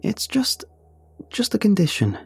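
A man's voice: high voice, wildly swooping pitch, measured pace, breathy edge, no echo, pitched above the performer's own voice, full character voice. A man voicing a giggly, coy, unhinged young woman in a horror story. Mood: giddy. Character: giggly, unsettling young woman with broken body.

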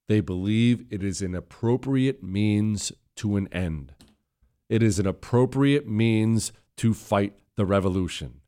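A man's voice: fairly low pitch, a little mellow, clear, resonant tone. A man hosting a talk radio show at a studio microphone, speaking in an indignant, emphatic and sarcastic way. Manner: indignant, emphatic, sarcastic, reads quotes in a raised voice. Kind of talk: opinion talk radio monologue.

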